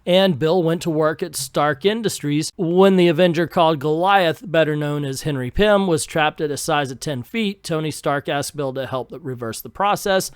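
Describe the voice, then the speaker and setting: A man's voice: a little high, moderate pace, hardly any pauses, smooth, dry recording, studio quality. A man in his fifties reviewing a comic book casually, with sarcastic asides.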